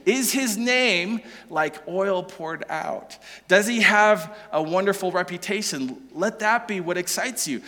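A man preaching a sermon, animated and joking, asking the listeners question after question. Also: high voice, measured pace, few pauses, in a large hall. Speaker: pastor.

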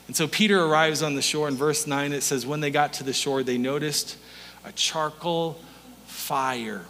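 A man preaching a sermon as pastor, telling a story in an animated way, acting out voices and laughing often. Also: a little high, moderate pace, in a large hall, a little hiss or hum.

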